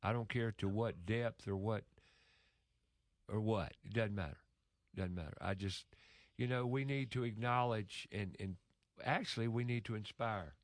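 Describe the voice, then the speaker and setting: A man's voice: lowish voice, unhurried, dry recording, clean studio sound. A man speaking in a casual conversation, telling an emotional story earnestly with frequent restarts.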